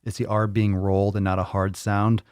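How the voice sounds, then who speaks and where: Low-voiced man, livestream host, teasing and profane, dry close sound. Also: little pitch movement, normal speed, darkish tone, clear, resonant tone, no echo. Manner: joking, teasing, plays with pronunciations; swears casually. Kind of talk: casual livestream chat reading comments.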